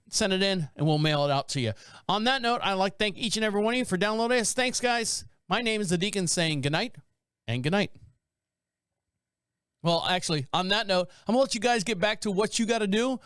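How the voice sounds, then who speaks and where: A male podcast host telling a story in a loose, rambling way, often laughing at himself. His voice is fairly high and smooth, and it is recorded close and dry. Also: brisk, a bit bright, no echo. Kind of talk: casual podcast chat.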